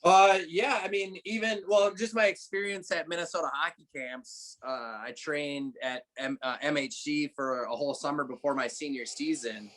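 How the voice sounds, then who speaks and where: A young man with a fairly high voice chats as a podcast guest. He tells his stories in a loose, rambling way, full of fillers and restarts. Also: normal speed, hardly any pauses. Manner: relaxed storytelling with frequent fillers and restarts. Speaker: guest, former college hockey player. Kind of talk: casual interview chat.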